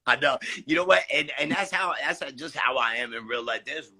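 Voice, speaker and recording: Raspy, bright-voiced rapper man. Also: mid-range voice, moderate pace. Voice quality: raspy, gravelly voice. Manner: loud, excitable, profane storytelling with laughs. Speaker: rapper guest. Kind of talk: casual interview chat.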